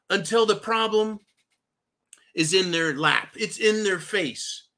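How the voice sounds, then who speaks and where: A man's voice: sits high, slow pace, pushed and bright. A man hosting a political commentary show, delivering a vehement, profane rant that keeps turning to address his audience as "folks".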